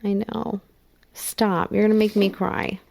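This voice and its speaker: A woman co-hosting a true-crime podcast who reacts to her partner with quick, joking banter. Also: mid-range voice, level tone, creaky, darkish tone. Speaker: podcast co-host.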